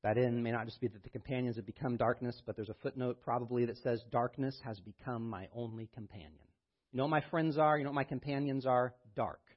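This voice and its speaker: A man preaching a sermon as pastor, reading scripture with rising intensity and then talking in a low, quiet voice. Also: steady tone, fast, muffled recording.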